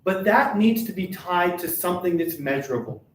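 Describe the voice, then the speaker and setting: An older man giving a live workshop talk, who talks fast and keeps checking in with "right?". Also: high-pitched, animated. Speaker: workshop presenter for a workers' advocacy centre. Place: meeting room at a chamber of commerce. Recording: roomy, distant, faint noise.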